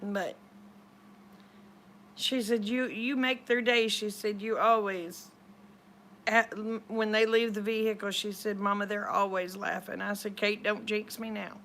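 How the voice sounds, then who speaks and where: A woman's voice: medium pitch, little pitch movement, measured pace, a bit bright, a little hiss or hum. A middle-aged woman, retelling a conversation in a chatty, rambling way. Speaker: vlogger. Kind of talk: casual storytelling.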